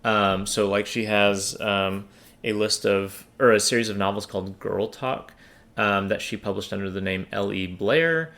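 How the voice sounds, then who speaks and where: A man talks through a book discussion in a low, gravelly voice. He hesitates often, circling back with fillers and restarts as he chats with his co-host. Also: normal speed, a bit bright. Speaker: podcast co-host. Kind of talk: casual book podcast chat.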